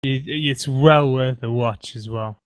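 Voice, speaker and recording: A man's voice: mid-range voice, slow pace, no echo. A man co-hosting a podcast, telling stories in a chatty way and acting out quotes. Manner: chatty storyteller, acts out quotes with laughs. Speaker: podcast co-host. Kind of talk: casual chat.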